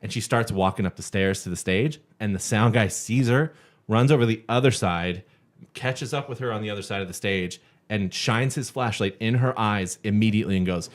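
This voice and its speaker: Animated male storyteller, lively pitch. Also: normal speed. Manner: animated storyteller, acts out quotes with loud outbursts and laughs. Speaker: podcast co-host. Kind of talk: casual chat.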